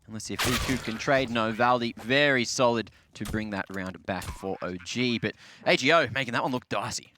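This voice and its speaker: A man giving play-by-play esports commentary, jumping up in pitch on big plays. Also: brisk, hardly any pauses, slight background noise. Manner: excitable, spikes high on big plays. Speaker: esports caster.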